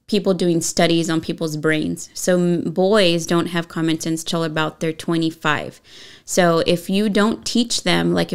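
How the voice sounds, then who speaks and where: A middle-aged woman and mother, co-hosting a casual parenting chat and telling lively stories. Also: on the low side, clean tone. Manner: animated storyteller who acts out dialogue. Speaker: co-host and mother.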